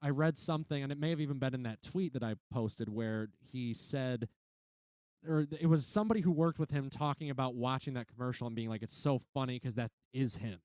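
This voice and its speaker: A man's voice: medium pitch, a little fast, a little mellow, smooth, no room sound. Male podcast co-host, rambly and casual, dry booth sound. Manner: rambling, full of "like". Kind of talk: casual chat.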